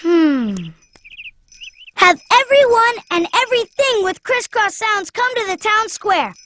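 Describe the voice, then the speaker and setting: A woman's voice: extremely high pitch, lively intonation, measured pace, sharp tone, heavily acted. A woman voicing a cheerful, eager little wooden boy in a cartoon, with a chirpy childlike voice. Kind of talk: cartoon voice acting.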